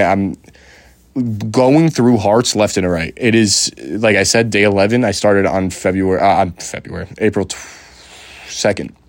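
Young male podcast host, lowish voice, dry close sound, swears a lot, rambles with constant fillers. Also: no echo. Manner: loose and swearing, full of fillers and restarts. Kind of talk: casual rambling chat.

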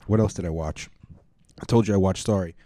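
A man's voice: low-pitched, a little fast, warm tone, dry recording. A man hosting a casual monologue, rambling and swearing through mock rants. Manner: rambling, profane, mock-ranting.

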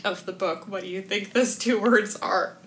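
A woman co-hosts a podcast in a medium-pitched, fairly even, slightly bright voice at a normal speed. The chat is casual, and she's teasing and playful, laughing often.

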